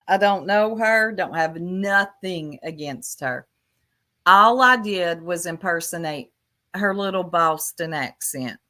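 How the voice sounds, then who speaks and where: A woman rambles through a casual livestream, speaking slowly and drawing out her words. Her voice is bright and forward, and she keeps turning aside to answer viewers in the chat by name. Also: mid-range voice. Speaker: YouTube livestream host.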